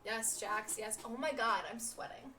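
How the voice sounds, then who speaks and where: A woman's voice: on the high side, steady tone, unhurried, far from the mic, rough recording. A woman streaming a game live, chatting and rambling to her viewers. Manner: chatty, rambling, talks to chat. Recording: off-mic with game music.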